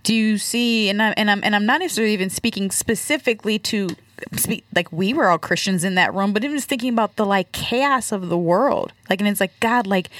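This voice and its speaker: A woman giving a reflective faith testimony, searching for words with many halting restarts. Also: mid-range voice, fairly bright tone, dry recording. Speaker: guest.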